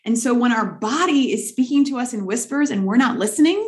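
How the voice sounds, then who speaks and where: A woman guest in a conversational interview, telling her story in an earnest, animated way. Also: on the high side, brisk. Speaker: guest, leadership author.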